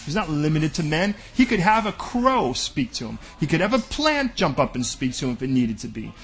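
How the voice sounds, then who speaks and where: A man's voice: on the high side, sing-song, brisk, breathy edge. A man preaching a sermon as pastor, bold and direct, often acting out back-and-forth dialogues.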